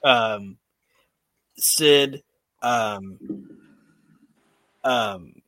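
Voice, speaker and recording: Man, podcast host, slow delivery, dry close sound, swears a lot, casual recap chat. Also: mid-range voice, no room sound. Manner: profane, animated storytelling.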